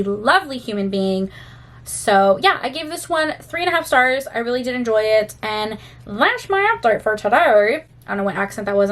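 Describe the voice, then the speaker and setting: A young woman vlogging as a book reviewer, chatty and gushing, with some casual swearing. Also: on the high side. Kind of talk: casual vlog chat. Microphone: camera.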